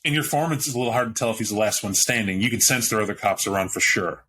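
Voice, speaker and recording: A man narrates a tabletop role-playing session as its storyteller, chuckling as he goes. His tone is bright and forward, and a faint hiss runs under the recording. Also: fairly low pitch, rapid-fire. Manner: lively, chuckling, jumps into character voices. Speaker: storyteller running the game.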